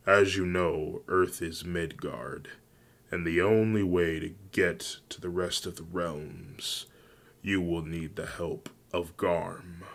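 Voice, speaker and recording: Fenrir, a grave chained wolf father, read by a low-voiced man. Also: gravelly, exaggerated voice. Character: huge chained wolf father, proud and quick-tempered.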